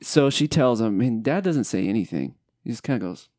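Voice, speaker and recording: A man's voice: medium pitch, animated, fairly quick, a little mellow, no room sound, clean studio sound. A middle-aged man hosting a podcast, telling a family story in a candid, reflective casual chat at home. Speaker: podcast host.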